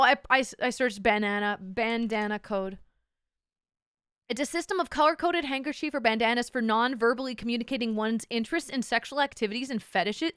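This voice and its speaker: Bubbly, high-voiced woman streamer. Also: fairly bright tone, smooth, no echo, studio quality. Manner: bubbly, teasing, crude banter; thanks chat by name between chatter. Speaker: VTuber streamer. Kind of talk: casual live-stream chat.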